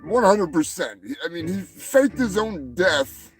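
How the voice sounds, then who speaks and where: A man's voice: high voice, big pitch swings, a little slow, faint music behind, rough recording. A male show host giving rambling, profane comedic commentary, often stumbling over and repeating his words.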